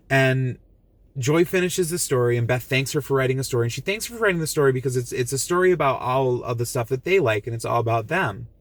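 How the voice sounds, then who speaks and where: A man's voice: mid-range voice, no echo. Earnest, sentimental man reviewing a film. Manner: earnest and gushing, with frequent restarts and repetitions. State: emotional, moved. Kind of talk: casual film review to camera.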